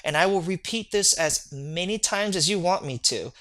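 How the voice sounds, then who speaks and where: Energetic lecturer with a bright voice. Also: medium pitch, moderate pace. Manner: energetic, joking, checks in with "okay?". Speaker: medical terminology lecturer. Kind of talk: recorded online lecture. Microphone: recorded video lecture.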